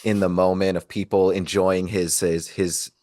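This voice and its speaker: A man hosting a podcast interview, asking long halting questions full of ums. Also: low voice, flat delivery, mellow, dry recording, clean studio sound. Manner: halting, many fillers, admiring questions. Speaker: podcast host. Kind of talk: casual interview.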